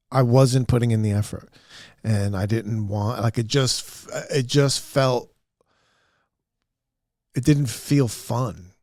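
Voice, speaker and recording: Alone in an upstairs room at home, a man hosts his own podcast in a lowish, darkish voice, captured dry and studio quality. His casual solo monologue is candid, rambling and self-deprecating, full of fillers.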